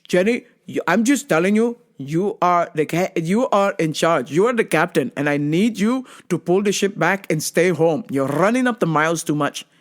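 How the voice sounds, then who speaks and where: A woman's voice: on the low side, lively intonation, moderate pace, hardly any pauses, voice pushed down, close to an everyday voice. A woman imitating her elderly father as he lectures sternly and repeats himself. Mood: lecturing.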